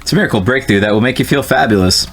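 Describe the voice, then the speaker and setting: A man's voice: medium pitch, expressive, rapid-fire, fairly bright tone. A man voicing a smug, shady middle-aged businessman as he reads game dialogue aloud. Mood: salesy.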